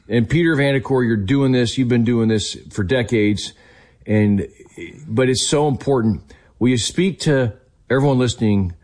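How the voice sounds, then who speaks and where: A man's voice: mid-range voice, normal speed, darkish tone. A man hosting a Christian talk show and interview, speaking with enthusiasm and affirming his guest. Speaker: host.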